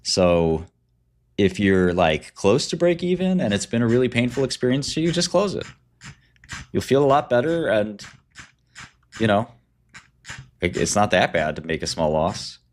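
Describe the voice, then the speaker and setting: Low-pitched guy streaming, blunt and offhand, trading talk. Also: very animated, normal speed, long pauses, a little hiss or hum. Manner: blunt, offhand, advice-giving. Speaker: livestream host and trader. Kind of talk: casual livestream chat.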